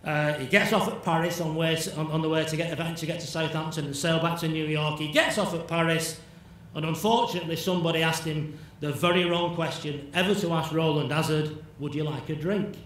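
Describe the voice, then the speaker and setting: A man's voice: on the high side, steady tone, fairly quick, fairly bright tone. A man giving a conference lecture, telling a story in a chatty way, often asking "yeah?" and acting out imagined dialogue. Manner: conversational, checks in with "yeah?", acts out imagined dialogue. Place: large lecture hall. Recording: echoey hall, distant mic, faint noise.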